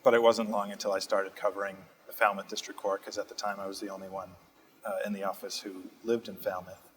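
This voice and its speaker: A young man, answering interview questions in a steady, thoughtful way with frequent fillers, in a community TV studio. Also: fairly low pitch, quick pace, rough recording. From Massachusetts. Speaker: state representative guest.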